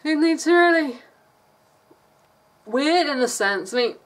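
A woman's voice: sits high, expressive, slow pace. A woman from England with an English accent, chatting casually in a rambling vlog and laughing often. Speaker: vlogger.

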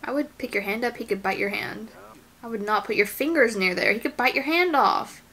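A woman with a slightly high voice reacts to a movie in casual commentary. She exclaims and gasps at what happens on screen, worried and close to tears for the characters. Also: fairly quick. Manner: excitable, gasping and exclaiming at the screen; anxious and tearful for the characters.

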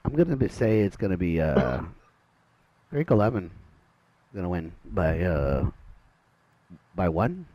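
Excitable man calling a game match. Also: low-pitched, slow pace, long pauses, no echo. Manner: excitable, loud exclamations at plays. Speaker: game commentator. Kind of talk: casual gaming commentary.

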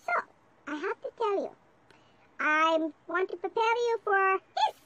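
A performer voicing a lovesick little creature who wishes to become human, in a high whiny put-on voice. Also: a little slow, muffled recording. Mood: eager. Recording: noisy home video recording.

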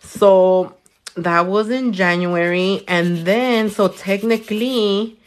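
A young woman livestreams her nail work while chatting casually, narrating stories with animation, swearing liberally and switching into squeaky high voices. She speaks at a slow pace.

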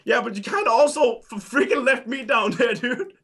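A young man co-hosting a gaming video, highly animated, squealing and shouting with excitement. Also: normal speed, husky. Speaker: co-host.

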